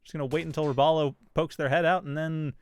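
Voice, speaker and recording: A man calling a mobile shooter esports match live, with quick play-by-play and casual banter. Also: fairly high pitch, little pitch movement, clean tone, dry recording. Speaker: esports caster.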